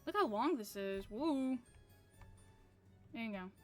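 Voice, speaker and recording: Streamer woman: high-pitched, easygoing slow pace, loose and profane, faint music behind. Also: animated, a little mellow. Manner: loose, profane, self-mocking. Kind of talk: casual live-stream chat.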